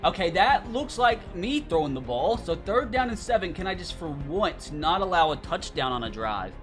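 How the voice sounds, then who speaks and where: A man's voice: high-pitched, very animated, moderate pace, fairly bright tone. A young man commenting on his own gameplay as a YouTuber, groaning and exasperated, with frequent outbursts. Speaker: gaming YouTuber. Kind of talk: live game commentary. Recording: game music behind voice.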